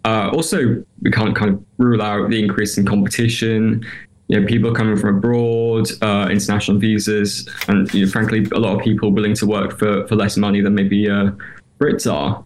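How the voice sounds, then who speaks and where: Low-voiced young man, hedging. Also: little pitch movement, a little fast, a little mellow. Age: 20s. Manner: thoughtful, hedging with you know and I guess. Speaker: guest, university student. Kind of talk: radio interview.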